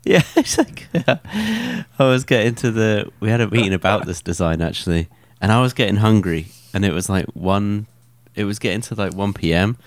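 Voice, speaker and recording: A young man with a deep, lively voice rambles on a podcast, stopping often to hunt for words. The sound is dry and close. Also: normal speed, few pauses, dry recording. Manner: rambling, hesitant, many fillers. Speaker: podcast co-host. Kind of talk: casual chat.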